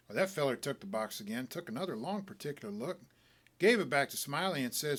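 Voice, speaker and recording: Animated folksy male storyteller. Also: mid-range voice, fast. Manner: folksy, animated tall-tale telling. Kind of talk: dramatic reading of a short story.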